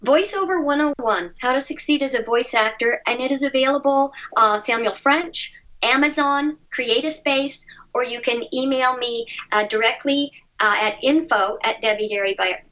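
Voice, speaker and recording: A woman's voice: high voice, fairly bright tone, lo-fi sound. A woman voice actress giving chatty, upbeat advice as an interview guest over a remote line. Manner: chatty, upbeat, quick asides. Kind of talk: casual interview answers.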